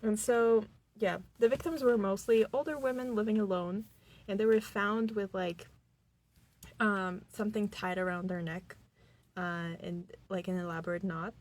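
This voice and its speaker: A woman's voice: medium pitch, steady tone, moderate pace. Giggly young woman from Boston, rambling. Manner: giggly, rambling with many fillers. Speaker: podcast co-host. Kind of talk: casual chat. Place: small recording studio.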